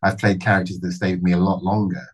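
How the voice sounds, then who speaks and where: A middle-aged man, an actor, answering interview questions thoughtfully, with measured phrasing and frequent restarts. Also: deep voice, flat delivery, breathy edge, poor audio.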